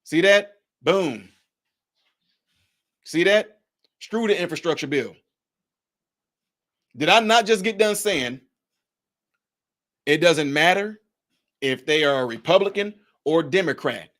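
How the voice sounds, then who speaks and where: Male livestream host, high-pitched, emphatic and repetitive, speaks straight to his chat. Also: lively intonation, slow, pauses often, fairly bright tone. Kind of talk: political commentary livestream.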